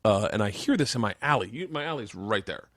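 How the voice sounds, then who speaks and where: Animated profane man telling stories. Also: on the low side, quick pace, dry recording, clean studio sound. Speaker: podcast host. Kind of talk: casual chat, rambling storytelling.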